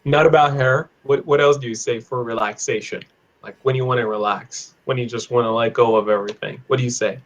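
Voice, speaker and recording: A man teaching an online English class on idioms, playful, laughing often and repeating phrases slowly. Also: medium pitch, fairly even intonation, dull audio, a little hiss or hum. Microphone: video call.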